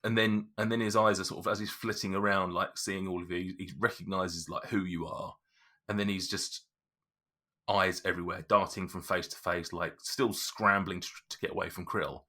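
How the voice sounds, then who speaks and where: A man's voice: low-pitched, fairly even intonation, normal speed, bright, forceful tone. A man narrating a tabletop game as game master, rambling with many restarts.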